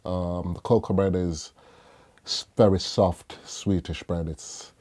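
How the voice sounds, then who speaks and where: A man's voice: sits low, steady tone, slow pace, dark tone, slightly rough. A man from Jamaica, a musician guest on a podcast, chatting casually with lots of fillers and laughter. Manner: laid-back, laughs often, frequent fillers.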